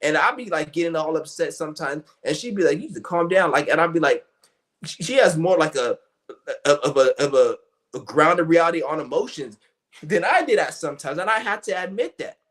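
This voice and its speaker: Young guy ranting on stream, kinda high voice, swears a lot, keeps restarting his sentences. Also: lively intonation, brisk, a bit bright. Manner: blunt, profane, rambling with many restarts and fillers. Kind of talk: ranting monologue.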